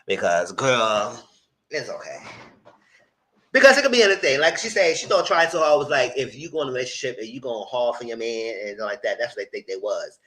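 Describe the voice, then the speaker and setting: A man giving a live casual recap of a reality dating show, acting out the quoted lines and breaking into high-pitched excitement. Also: fast talker, hardly any pauses. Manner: animated, breaks into high shrieks and laughter when excited; acts out quoted lines in voices.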